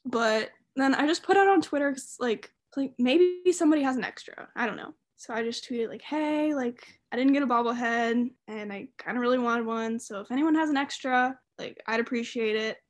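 A giggly woman with a Southern US accent tells a story in casual chat as a podcast co-host. Her voice is a little high and fairly quick, with hardly any pauses. She's an animated storyteller who laughs often and uses many fillers.

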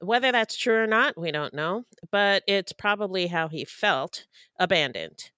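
Co-host: woman, low and smooth, calm even delivery, dry booth sound. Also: a little slow, no echo. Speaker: podcast co-host. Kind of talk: casual true-crime podcast chat.

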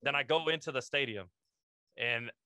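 A man's voice: mid-range voice, moderate pace, bright, forceful tone, slight background noise. A young man, a podcast guest, telling a casual story full of slang and swearing, calling the listener "bro".

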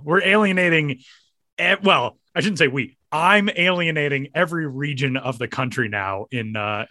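A man's voice: mid-range voice, no echo. A young adult man hosting a podcast in casual chat, joking and laughing often. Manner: jokey, animated, laughs often. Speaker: podcast host. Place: home studio in Denver.

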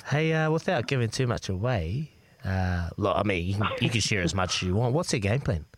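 A man's voice: lowish voice, animated, fairly quick, background noise. A man with a New Zealand accent co-hosting breakfast sports radio, teasing and laughing often. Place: radio studio.

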